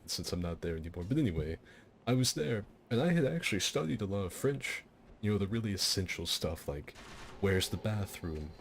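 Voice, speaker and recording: A man's voice: sits low, a little hiss or hum. A man streaming a game fight night, telling a long rambling story that breaks off and keeps laughing at itself. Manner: rambling, self-interrupting, laughing at his own jokes. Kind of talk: casual storytelling over gameplay.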